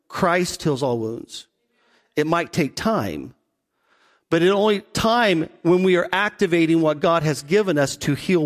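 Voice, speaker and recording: A middle-aged man, a pastor, preaching a conversational sermon and slowing down on key points. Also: high voice. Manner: conversational preaching, slows for emphasis.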